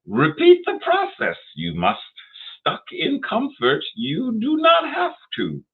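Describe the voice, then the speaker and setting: Yoda, high and tinny. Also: male voice, huge pitch swings, slow, full character voice. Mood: wise. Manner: inverted word order, high strained croak. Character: tiny ancient wise male alien master, speaking in inverted order. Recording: tinny phone-like sound.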